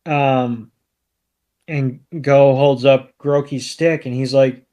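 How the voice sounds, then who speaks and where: Man, podcast co-host, relaxed unhurried recap, filler-heavy, mid pitch. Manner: laid-back, lots of ums and you-knows. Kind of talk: casual episode recap.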